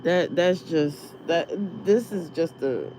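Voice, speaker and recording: A woman's voice: low-pitched, animated, slow pace, mellow, slight background noise. A woman venting casually to her viewers, rambling, swearing and laughing as she tells stories. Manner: profane, laughing, rambling storytelling. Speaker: live streamer.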